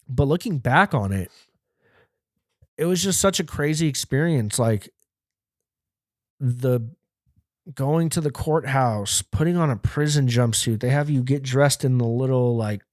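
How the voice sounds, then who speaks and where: A man's voice: mid-range voice, unhurried, pauses often, darkish tone, no room sound, studio quality. A man hosting a podcast and telling a story in casual speech. He rambles, swears heavily and laughs often. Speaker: podcast host.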